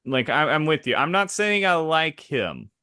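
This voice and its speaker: A man's voice: a little high, big pitch swings, normal speed, pushed and bright, smooth, no room sound, studio quality. A male podcast co-host chiming in and agreeing in casual chat.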